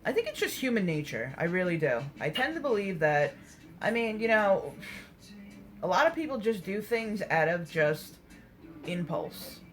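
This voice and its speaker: A very animated woman with a medium-pitched voice hosts a casual livestream at a moderate pace, though the audio is poor. She answers viewer comments bluntly and candidly, swearing freely and laughing often.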